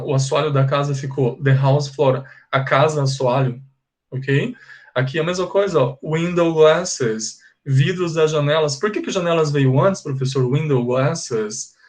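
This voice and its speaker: A Brazilian man teaching an English lesson in a classroom. He has a Brazilian Portuguese accent, draws out example words and keeps checking in with "ok?". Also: a little high. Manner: explains slowly, stretches example words, checks in with "ok?". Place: classroom with a board.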